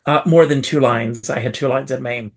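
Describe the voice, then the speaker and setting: A man from South Carolina, a performer, telling his story as a guest in an interview, with lively theatrical emphasis. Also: mid-range voice, moderate pace.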